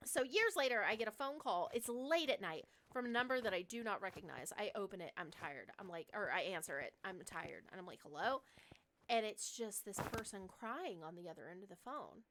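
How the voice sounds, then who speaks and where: A young woman with a bright, clear voice chats her way through a horror game stream. She rambles through a personal story, leaning on fillers and dropping curse words freely. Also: medium pitch, very animated, a little fast. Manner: chatty, swears freely, many fillers. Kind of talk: casual storytelling while playing a horror game.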